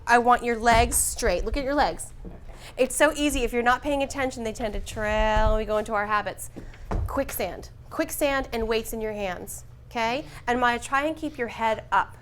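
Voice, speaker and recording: A woman teaching a class, speaking slowly and precisely in her teacher voice. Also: on the high side, a bit bright, a little hiss or hum.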